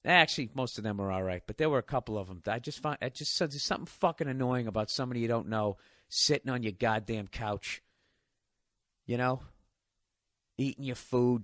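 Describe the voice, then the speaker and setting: A man's voice: mid-range voice, fairly bright tone, no room sound, clean studio sound. A man in his forties doing stand-up comedy, telling a story in a profane, ranting way. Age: 40s. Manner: profane, ranting, mimics others in bits.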